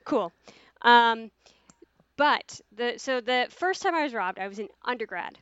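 Animated swearing woman telling a story. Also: fairly high pitch, unhurried, clean tone, no room sound. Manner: animated, swears freely, many "like" fillers. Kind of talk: casual podcast storytelling. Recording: dull, dry sound.

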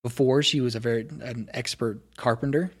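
A man's voice: medium pitch, steady tone, fairly quick, slightly rough. A man running a tabletop game as game master, narrating casually with lots of filler words.

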